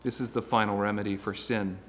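A man preaching a sermon, earnest, with stammering restarts and swings between loud and hushed passages. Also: on the low side, fairly even intonation, fairly quick, in a large hall.

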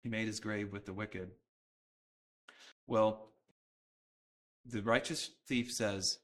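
A man's voice: on the low side, steady tone, slow pace, long pauses. A man preaching a sermon, talking earnestly and conversationally and often restarting his sentences. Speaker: pastor.

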